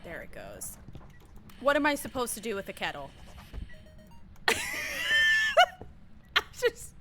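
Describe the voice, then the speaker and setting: A woman's voice: medium pitch, huge pitch swings, slow, pauses often, sharp tone, slight background noise. A young woman streaming a game, chatting casually with her viewers and shrieking and laughing at mishaps. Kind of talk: casual live-stream chat while gaming.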